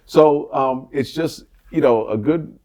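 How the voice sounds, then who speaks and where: A man in his forties, a stand-up comedian guesting on a podcast, talking in an animated, storytelling way with quick asides. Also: mid-range voice. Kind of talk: casual chat.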